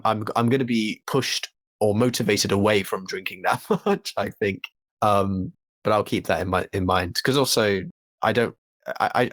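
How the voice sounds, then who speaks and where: A man's voice: on the low side, a bit bright, no room sound. A young man rambling through casual podcast chat, with many restarts and fillers. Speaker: podcast co-host.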